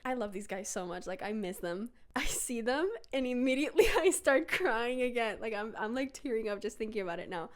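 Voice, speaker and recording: A woman's voice: animated, a little fast, few pauses. A young woman telling a personal story in a casual vlog, chatty and full of "like". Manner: chatty, fills with "like" and "bro"; jumps into high voices when quoting.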